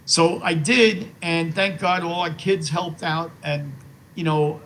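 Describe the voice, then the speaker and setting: An older man in his eighties talks as an interview guest, with a voice pitched slightly above the usual male range. He tells his stories in a rambling, sincere way, restarting phrases and filling gaps with "you know". A faint hiss of noise sits under the recording. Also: steady tone, slow, fairly bright tone, rough recording. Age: 80s. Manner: rambling, repeats words and says "you know" often. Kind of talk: heartfelt conversational storytelling.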